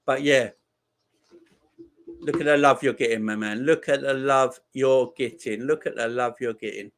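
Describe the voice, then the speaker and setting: A man hosting a live football watchalong, chatting casually, reading out viewer messages and repeating his shout-outs. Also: medium pitch, steady tone, normal speed, gravelly, a little hiss or hum. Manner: rambling, repeats phrases. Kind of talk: casual live-stream chat.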